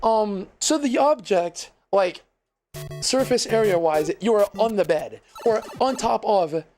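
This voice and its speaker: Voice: medium pitch, animated, slow pace, a little mellow. A streamer from Brazil, a Portuguese speaker, chatting casually and rambling with many fillers and swears. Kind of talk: casual live-stream chat. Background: music playing.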